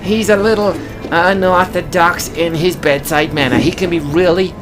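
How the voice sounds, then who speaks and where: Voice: medium pitch, fairly even intonation, normal speed, over music. A comedy sketch performer talking earnestly, with small stammers.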